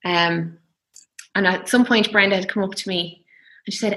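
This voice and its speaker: A young woman telling her birth story in a soft, reflective, emotional way. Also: mid-range voice, fairly even intonation, normal speed, pauses often, low-quality recording. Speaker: guest.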